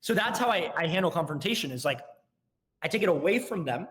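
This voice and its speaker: A young man, a guest on a casual podcast, explains sales tactics in a lively way and acts out both sides of a call. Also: fairly high pitch. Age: young adult. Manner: rapid, animated explaining, acting out both sides of calls.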